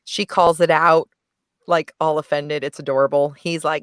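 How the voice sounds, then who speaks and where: A woman's voice: sits low, fairly even intonation, normal speed, clear, resonant tone, no room sound, studio quality. A woman guest on a podcast, chatting frankly and animatedly about a movie and laughing often. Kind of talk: casual movie review chat.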